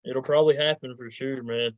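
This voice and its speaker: A man's voice: mid-range voice, steady tone, fairly quick, no room sound, muffled recording. A man hosting a podcast interview in an easygoing, informal way. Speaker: podcast host. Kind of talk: casual interview chat.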